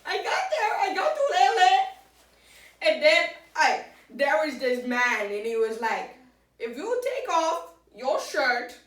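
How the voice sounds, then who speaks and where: A woman playing an absurd, boastful talk-show guest, rambling deadpan in an improvised comedy sketch. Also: high voice, slow, full character voice. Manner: rambling, deadpan, breaks into giggles. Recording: echoey room, far from the mic.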